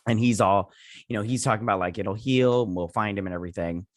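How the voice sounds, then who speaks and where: Rambling low-voiced man recapping a show. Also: fast talker, no room sound, clean studio sound. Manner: rambling, loose and filler-heavy, often losing track of names. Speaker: show reviewer and host. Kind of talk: casual episode recap.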